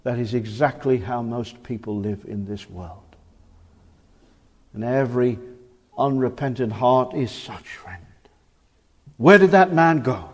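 A man in his forties preaching a fervent sermon in a church, swinging from emphatic declarations to hushed, grave warnings. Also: mid-range voice, lively intonation, slow pace, long pauses. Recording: reverberant church hall.

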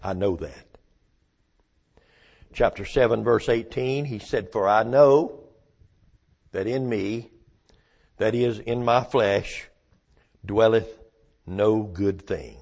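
A man preaching a sermon in a slow, deliberate cadence, leaning on single words with long pauses. His voice is somewhat low and gravelly. The recording sounds a little muffled and lo-fi. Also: darkish tone.

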